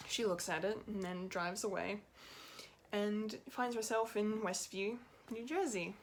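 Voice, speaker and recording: A woman's voice: medium pitch, a little slow, slight background noise. A woman giving an unscripted, rambling and emotional review of a TV episode, laughing often and swearing now and then. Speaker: pop culture reviewer.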